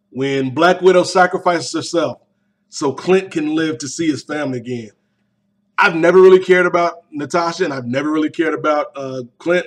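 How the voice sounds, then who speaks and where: A young man talks through a movie reaction on his podcast. His voice sits a little high for a man. He keeps it loose and animated, tossing in slangy jokes as he goes. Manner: animated, slangy, quick asides. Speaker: podcast host. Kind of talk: casual movie reaction review.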